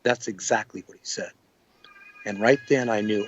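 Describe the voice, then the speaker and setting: A man's voice: lowish voice, normal speed, long pauses, muffled recording. A man recounting what he witnessed in an interview, plain-spoken and rambling. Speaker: eyewitness.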